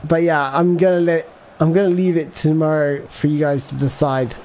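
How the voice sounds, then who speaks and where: Male livestreamer, slightly raised pitch; loose, meandering play-by-play and chat replies. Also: flat delivery, moderate pace, a little mellow, slight background noise. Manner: rambling, thinks aloud, reads out viewer chat. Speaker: gaming livestreamer. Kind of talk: casual live gameplay commentary.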